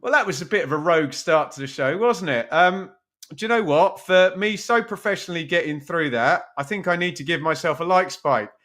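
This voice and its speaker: A man's voice: a little high, lively intonation, fairly quick, fairly bright tone. A man hosting a live football watch-along stream from his room at home, chatting casually with viewers and poking fun at himself. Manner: chatty, self-mocking, reads out viewer names. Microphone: webcam stream at his computer.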